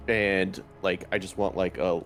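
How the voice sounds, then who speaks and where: A man's voice: low voice, little pitch movement, unhurried, fairly bright tone, faint music behind. A man playing a tabletop game, rambling and saying "like" a lot. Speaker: player. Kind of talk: casual tabletop play.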